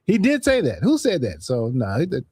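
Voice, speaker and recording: Animated man hosting a call-in stream. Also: mid-range voice, normal speed, slightly rough, no echo, clean studio sound. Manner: animated, repeats phrases, laughs often. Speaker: livestream host. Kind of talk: casual call-in chat.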